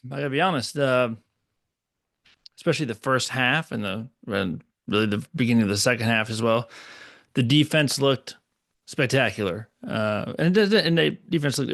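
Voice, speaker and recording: A man's voice: medium pitch, a bit bright. A man co-hosting a basketball recap show, talking in a loose, casual way with plenty of fillers. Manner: loose, conversational, lots of fillers. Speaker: podcast co-host. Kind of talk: casual sports recap chat.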